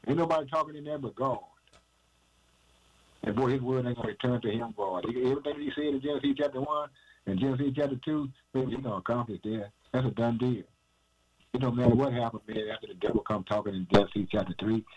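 A man's voice: mid-range voice, quick pace, a little mellow, husky, muffled recording. A man preaching an informal sermon, asking and answering his own questions in an emphatic, repetitive cadence and often calling the listener "man".

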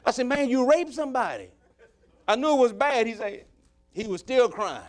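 A man preaching a sermon, telling a personal story in a folksy way that swings from loud to hushed. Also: very high voice, animated, moderate pace, faint music behind. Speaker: pastor.

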